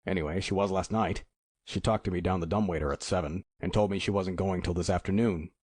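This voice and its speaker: A man's voice: deep voice, fairly even intonation, brisk, a little mellow, husky, dry recording, studio quality. A man voicing an older male building janitor who talks plainly and casually. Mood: matter-of-fact. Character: old working-class male janitor, easygoing.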